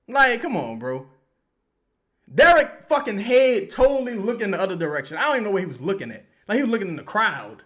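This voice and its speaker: A man hosting a live basketball watch-along, reacting to plays with heated, profane commentary that swings from yelling to low muttering and repeats the same complaints. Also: very animated, brisk.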